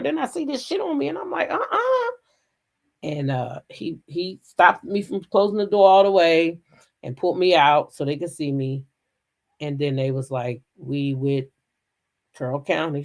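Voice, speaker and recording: A middle-aged woman with a low speaking voice tells a personal story straight to her viewers. Her pitch leaps and dives as she drops to hushed asides, then bursts out loud, swearing freely. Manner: animated, profane, swings from hushed to loud outbursts. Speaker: storyteller recounting a police raid.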